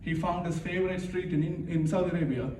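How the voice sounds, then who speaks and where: High-voiced man doing stand-up. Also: fairly even intonation, fast talker. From India. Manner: chatty, self-mocking, laughs at his own jokes. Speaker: stand-up comedian at a work party. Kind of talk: stand-up comedy set. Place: office Christmas party room. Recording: echoey room, distant mic, noisy.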